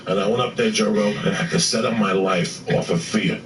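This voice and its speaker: A man telling a story with profane, excitable energy, acting out what people said. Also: on the low side, quick pace, slight background noise. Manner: profane, excitable, acts out quotes. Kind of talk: animated storytelling. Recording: roomy echo from a distant mic.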